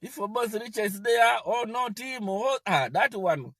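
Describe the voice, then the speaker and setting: Man, higher voice, lively mocking political rant, dry close mic. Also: measured pace, no echo. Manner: mocking, scolding and defiant, laughing at targets. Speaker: political commentator.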